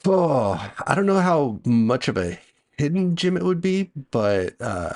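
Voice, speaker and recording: A man's voice: on the high side, very animated, a little slow, a little mellow. A man who is a guest on a casual movie podcast, talking in an easygoing, hedging way.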